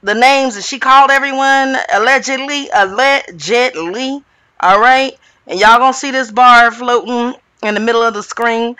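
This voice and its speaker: Sassy reality tv recapper, bright crisp voice, dry close sound. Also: mid-range voice, moderate pace, hardly any pauses, no room sound. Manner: sassy, animated retelling with dramatic asides. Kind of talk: gossip recap commentary.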